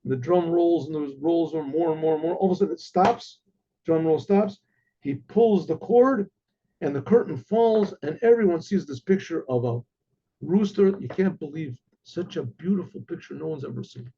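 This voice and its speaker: A man, a rabbi, telling a story in a lively way and clearing his throat often. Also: on the high side, normal speed, dull audio. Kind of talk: oral storytelling.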